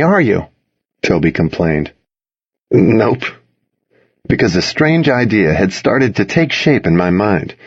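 A man with a low, husky voice narrates a novel in the first person, unhurried and close. The sound is dry with no room around it, and the recording is a little dull and lo-fi. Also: no room sound. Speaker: audiobook narrator.

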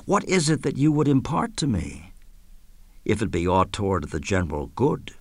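Brutus, a man voicing an earnest, animated Roman noble. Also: on the low side, normal speed, dry recording. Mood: troubled. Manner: earnest, declamatory. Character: honourable, troubled Roman nobleman. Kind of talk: Shakespearean verse drama reading.

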